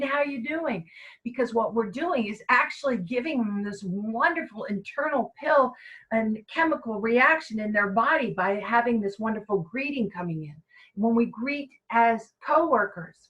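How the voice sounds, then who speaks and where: Woman giving a mindfulness workshop to coworkers, slightly higher voice, chatty and emphatic. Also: low-quality recording. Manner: energetic, emphatic, conversational. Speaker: mindfulness trainer. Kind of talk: workshop talk to staff.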